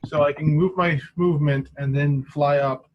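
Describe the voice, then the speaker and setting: A man's voice: a little high, fairly even intonation, moderate pace, lo-fi sound, slight background noise. A man playing a tabletop game, asking hesitant rules questions as he plans his move. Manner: hesitant, checks the rules aloud. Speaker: player.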